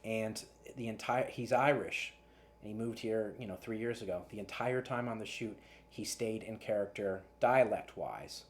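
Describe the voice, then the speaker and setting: A casting director with a voice on the low side gives earnest audition advice to actors at a moderate pace, with slight background noise. He frequently restarts and repeats words as he speaks.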